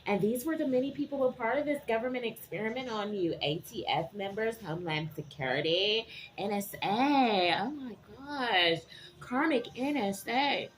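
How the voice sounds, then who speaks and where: A woman giving a tarot reading to her viewers, animated and dramatic, often checking in with "okay?". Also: fairly high pitch, moderate pace, a little hiss or hum. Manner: animated, keeps asking "okay?". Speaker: tarot reader.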